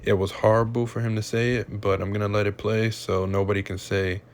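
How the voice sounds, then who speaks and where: A man's voice: lowish voice, flat delivery, a little fast, slight background noise. A young man hosting a reaction channel, ranting in heated, slangy casual commentary.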